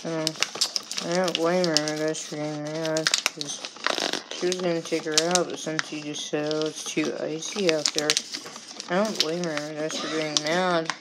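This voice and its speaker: A woman's voice: deep voice, little pitch movement, normal speed, heavy background noise. A woman vlogger talking through a playful pretend dialogue, answering herself back and forth with mock indignation.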